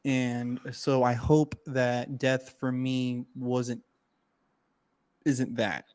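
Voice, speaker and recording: A man co-hosting a casual podcast, an animated storyteller who laughs often and swears freely. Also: mid-range voice, very slow, clear, resonant tone. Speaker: podcast co-host.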